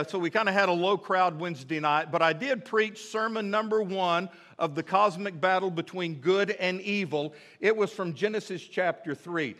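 A man's voice: a little high, a bit bright. A man preaching a sermon in a church as pastor, with a conversational manner, full of joking asides and "right?" checks with the congregation. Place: church sanctuary.

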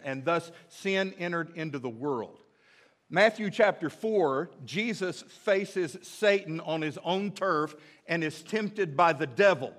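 A man delivers a sermon from the pulpit, his voice sitting a touch higher than most men's. He talks in an easygoing, conversational way, dropping joking asides and checking in with the congregation. The sound is a church sermon with a chatty, personal feel. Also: fairly bright tone. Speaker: pastor. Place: church sanctuary.

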